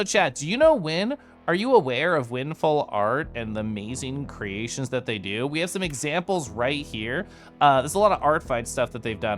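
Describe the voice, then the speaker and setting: A young man chatting casually with viewers on a live stream, giggly and animated. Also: mid-range voice.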